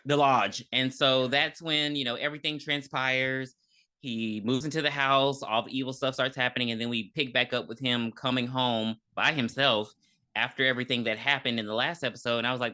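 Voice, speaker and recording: A man's voice: medium pitch, steady tone, sharp tone. A man co-hosting a podcast, recapping an episode in casual, joking chat with lots of ums and laughter. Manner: loose, joking, quick to laugh, many ums. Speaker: podcast co-host.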